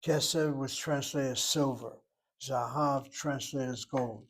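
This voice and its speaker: A man's voice: medium pitch, fairly even intonation, measured pace, fairly bright tone, rough recording. Man teaching a casual Hebrew grammar lesson. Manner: thinks aloud, explaining grammar step by step. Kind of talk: informal recorded class lesson.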